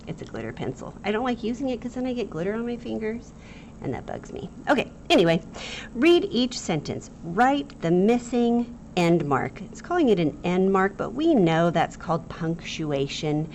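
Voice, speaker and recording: Lively, playful woman teacher. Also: medium pitch, moderate pace, muffled recording, slight background noise. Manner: animated, playful, acts out example sentences. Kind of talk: online lesson for young students.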